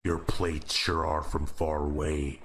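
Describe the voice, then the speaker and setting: A man voicing a menacing fake highway cop who speaks with a Midwestern drawl in a falsely polite way. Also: level tone, takes it slowly, fairly bright tone, slight background noise, heavily acted. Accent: Midwestern American drawl.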